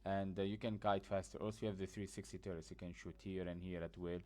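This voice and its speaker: Sleepy low-voiced man explaining a game. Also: flat delivery, quick pace, warm tone. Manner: blunt, rambling, frequent fillers. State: sleepy, just woke up. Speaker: gaming guide creator. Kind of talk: casual gameplay tutorial commentary.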